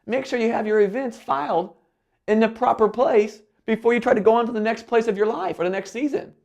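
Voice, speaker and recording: A man giving a motivational keynote talk, animated, often acting out quoted voices and his own self-talk. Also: very high voice, a little fast, creaky, highs cut off. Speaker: keynote speaker.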